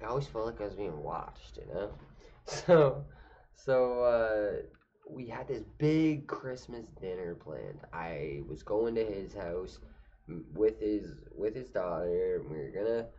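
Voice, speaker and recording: A man's voice: on the low side, a little mellow. A young man telling a funny personal story casually, rambling and cursing. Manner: rambling, profane, lots of fillers and restarts. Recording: dull lo-fi recording.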